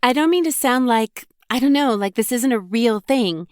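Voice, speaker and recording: A teasing, slangy young college woman, put on by a female audiobook narrator. She sits noticeably higher and a bit louder than plain narration, with a smooth, clear tone in a dry, close recording. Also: expressive, normal speed, no room sound, natural voice. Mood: lively. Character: chatty blunt young college woman friend. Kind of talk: audiobook character voice.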